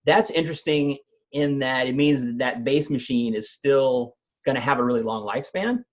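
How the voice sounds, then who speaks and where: A man, a company's technical chief, explaining new gadgets in a relaxed conversational way, with frequent fillers and restarts. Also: mid-range voice, normal speed, dull audio. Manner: thoughtful, many fillers and restarts. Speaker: company CTO explaining tech news.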